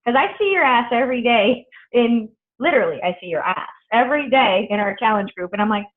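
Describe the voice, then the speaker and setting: A woman's voice: fairly high pitch, lively intonation, brisk, hardly any pauses. A woman coaching her team on a video call, chatty and blunt, swearing freely. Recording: tinny phone-like video call audio.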